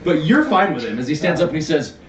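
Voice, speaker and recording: A high-pitched man narrates a tabletop game as its game master, breaking into laughter as he goes. He sits back from the mic, so his voice comes through roomy and distant. A steady hiss of background noise sits under him. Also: fast talker, muffled recording. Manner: laughs often while narrating.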